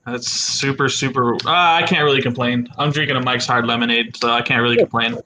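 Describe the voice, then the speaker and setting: A man's voice: medium pitch, fairly even intonation, a little fast, sharp tone, slight background noise, low-quality recording. A man hosting a casual livestream chat with friends, rambling and repeating words as he talks. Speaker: livestream host.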